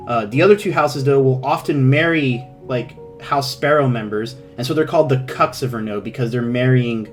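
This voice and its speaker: A man narrating as game master, rambling and halting, with many fillers and restarts. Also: medium pitch, faint music behind.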